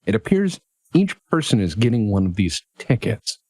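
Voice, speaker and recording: A man narrating as game master of a tabletop role-playing game, descriptive and lively, with laughing asides. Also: fairly low pitch, moderate pace, dry recording.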